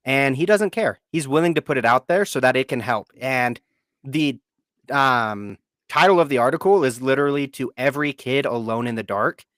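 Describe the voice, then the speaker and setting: A man's voice: mid-range voice, moderate pace, fairly bright tone, no echo, clean studio sound. A man co-hosting a live podcast, earnest and heartfelt, often repeating words for emphasis. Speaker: podcast co-host. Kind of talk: casual live podcast talk.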